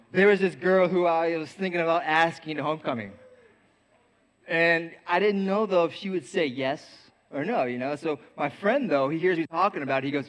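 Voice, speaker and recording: High-voiced young man preaching to a youth crowd. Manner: lively, joking with the crowd, acts out voices in his story. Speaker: youth pastor. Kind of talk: youth sermon with storytelling. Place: church youth service before an audience.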